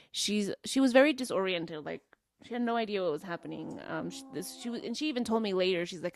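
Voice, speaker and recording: A woman's voice: mid-range voice, no room sound, clean studio sound. Frank, swearing woman telling a story. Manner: frank and profane, with many fillers. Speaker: podcast co-host. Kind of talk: casual storytelling chat.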